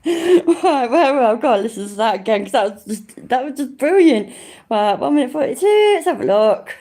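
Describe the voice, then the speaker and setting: A woman's voice: on the high side, animated, a little fast, mellow. A British woman hosting a casual livestream, swearing and laughing often as she chats. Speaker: livestream host.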